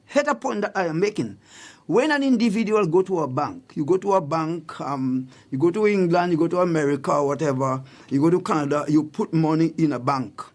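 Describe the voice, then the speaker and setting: A man's voice: on the high side, lively intonation, a little fast. A man hosting a radio talk show, giving emphatic commentary and repeating his key points for listeners. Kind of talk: radio commentary on public affairs. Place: radio studio.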